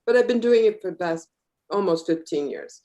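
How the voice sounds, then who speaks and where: A woman's voice: medium pitch, animated, moderate pace, mellow. Reflective middle-aged woman coach. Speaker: healing practitioner and life coach guest. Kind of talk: casual podcast conversation.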